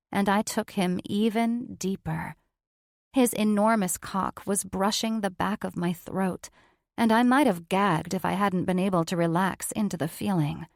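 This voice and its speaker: A woman narrates a first-person romance audiobook in a smooth, even way. Her voice sits a little low, and the close mic gives a dry sound with no room around it. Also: no echo.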